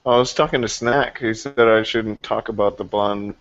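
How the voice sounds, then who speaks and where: A man's voice: on the low side, steady tone, moderate pace, dry recording. A man in a casual group video chat, blunt and laid-back, swearing. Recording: dry, dull lo-fi call audio.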